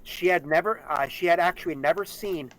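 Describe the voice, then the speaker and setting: A man co-hosting a casual live-streamed chat show, talking in a rambling way, full of fillers and restarts. His voice sits a little high for a man. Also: fairly quick, a loud crowd, low-quality recording. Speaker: talk show co-host. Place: home setup, streamed live.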